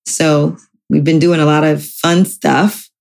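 A woman in her forties with a lowish voice, co-hosting a relaxed podcast. She talks in a loose, chatty way, teasing and laughing easily as the conversation wanders. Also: takes it slowly, creaky. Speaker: podcast co-host. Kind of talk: casual chat.

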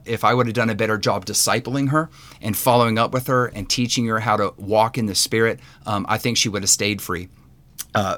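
A man's voice: mid-range voice, a bit bright. Guy preaching on a podcast, earnest and chatty, lots of uhs and restarts. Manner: earnest, with many fillers and restarts. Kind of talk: sermon-style teaching.

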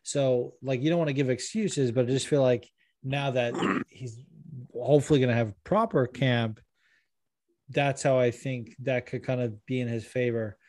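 A man's voice: mid-range voice, normal speed, darkish tone, no room sound. A man hosting a casual podcast, rambling with lots of fillers and laughing easily while reading listener questions. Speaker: podcast host.

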